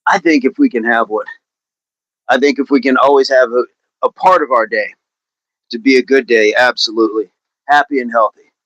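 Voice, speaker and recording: A man's voice: medium pitch, steady tone, normal speed, long pauses, a bit bright, dry recording, rough recording. Chatty male livestream host, dry sound. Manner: chatty, hesitant, many fillers and restarts. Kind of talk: casual livestream chat, reading viewer comments.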